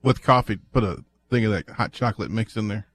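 A man's voice: on the low side, animated, brisk, a bit bright, no room sound. A man co-hosting a radio show, chatting casually and cracking dry jokes. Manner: dry, joking sidekick. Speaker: radio co-host. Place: radio studio.

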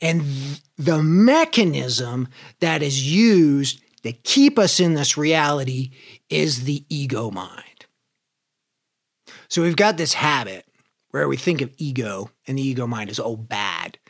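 A man's voice: medium pitch, lively intonation, slow, creaky. Man giving a casual spiritual talk. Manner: conversational, swears freely, acts out inner voices; explains with everyday comparisons. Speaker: spiritual teacher.

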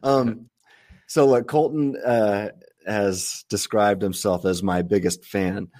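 A man's voice: on the low side, steady tone, a little mellow. A man as a podcast guest, answering in casual talk and reading his own written passages aloud. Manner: measured, reads his own writing aloud. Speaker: guest author.

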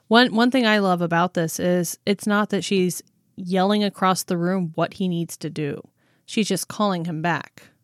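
A woman co-hosts a podcast in a fairly low voice. She joins in eagerly and acts out short quoted lines as she talks. The sound is dry and close to the mic. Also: moderate pace, no echo. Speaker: podcast co-host. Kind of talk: casual chat.

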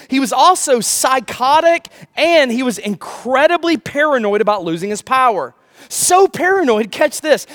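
A man preaching a sermon as pastor, animated, with rhetorical questions and humor. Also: extremely high pitch.

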